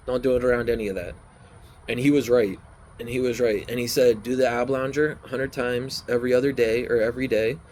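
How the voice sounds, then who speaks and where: A man's voice: mid-range voice, steady tone, a little fast, a little mellow, a little hiss or hum. Rambling man telling a story outdoors. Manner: rambling, repeats key phrases over and over. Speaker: vlogger telling his recovery story. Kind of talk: casual first-person storytelling.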